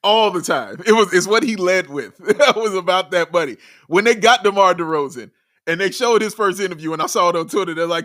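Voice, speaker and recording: Excitable high-voiced male co-host. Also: brisk, dry recording, clean studio sound. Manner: excitable, emphatic, laughs often. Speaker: podcast co-host. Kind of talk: casual sports podcast chat.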